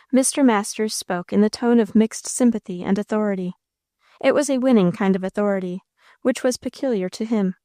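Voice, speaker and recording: A woman narrating a classic novel as an audiobook, in a steady, measured way. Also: medium pitch, no echo, clean studio sound.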